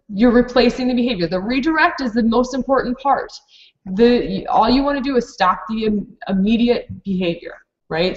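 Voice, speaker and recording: A woman's voice: fairly high pitch, normal speed, echoey room, muffled recording. A woman who runs a preschool program, presenting a live online training for teachers in a practical, explanatory way with many fillers and restarts.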